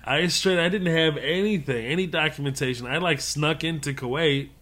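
A man's voice: a little high, moderate pace. A man who works as a comedian, chatting as an interview guest, telling stories with animation and frequent laughter. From Middle East. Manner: animated storytelling, often laughing. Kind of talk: casual interview conversation.

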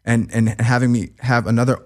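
A young man as an interview guest, talking emotionally in a halting, profane way that stumbles and repeats. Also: mid-range voice, level tone, darkish tone.

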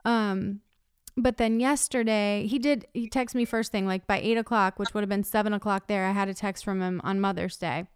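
A woman's voice: medium pitch, fairly even intonation, moderate pace, smooth, dry recording, clean studio sound. A middle-aged woman co-hosting a podcast, chatting casually and telling a story, acting out quotes and laughing often. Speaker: podcast co-host. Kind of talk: casual chat.

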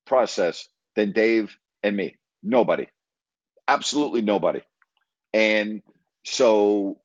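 A man's voice: medium pitch, dry recording. Man, middle-aged, blunt, emphatic, radio host, dry close sound, slightly muffled. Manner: blunt, emphatic, salty language. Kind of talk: storytelling in an interview.

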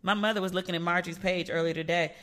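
A woman's voice: lowish voice, fairly even intonation, rapid-fire, a bit bright. A woman hosting a casual solo podcast, telling stories in a playful, chatty way and acting out the voices of the people she quotes. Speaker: podcast host.

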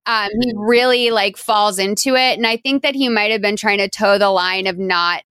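A woman co-hosting a podcast, chatting casually about a movie with quick asides and frequent laughs. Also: medium pitch, sharp tone, smooth, no room sound, studio quality. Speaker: podcast co-host.

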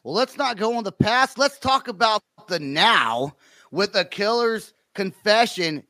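A man's voice: sits high, sing-song, a little slow, sharp tone, dry recording. A man from Northern California hosting a casual podcast interview, asking chatty, rambling questions. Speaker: podcast host.

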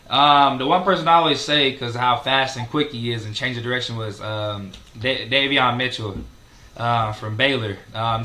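Young guy ballplayer chatting easy, lots of ums and "man", bright voice. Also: mid-range voice. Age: young adult. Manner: relaxed, many fillers like um and man. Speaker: college basketball player guest. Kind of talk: casual interview talk.

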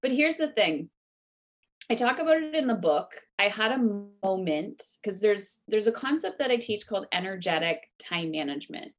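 A woman guest author telling a personal story in an interview, earnest and animated, with lots of "like" fillers. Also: mid-range voice, normal speed.

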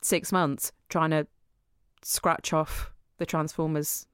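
A woman's voice: deep voice, flat delivery, slow pace, fairly bright tone, smooth, no echo, clean studio sound. A woman, a guest on a podcast telling stories with comic indignation and plenty of swearing. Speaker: guest, actress and comedian. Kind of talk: casual podcast chat.

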